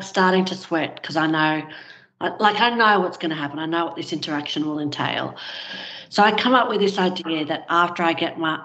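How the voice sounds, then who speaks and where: A woman's voice: fairly low pitch, a bit bright, poor audio. A woman, a guest telling a personal story in an interview in a candid, conversational way with fillers. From Australia.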